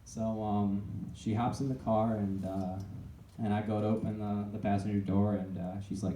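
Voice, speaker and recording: Earnest young man, dark and distant. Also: lowish voice, flat delivery, a little hiss or hum. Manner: earnest and halting, often restarting sentences. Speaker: speaker telling his own story. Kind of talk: personal testimony to a live audience. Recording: echoey room, voice picked up from a distance.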